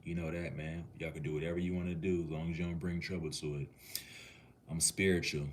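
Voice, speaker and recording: Super deep flat-voiced guy from minneapolis just vibing with his stream chat. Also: a little fast, a little hiss or hum. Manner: laid-back, easygoing, talks to the chat like a cool uncle. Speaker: livestreamer. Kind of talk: casual livestream chat, answering viewers' comments.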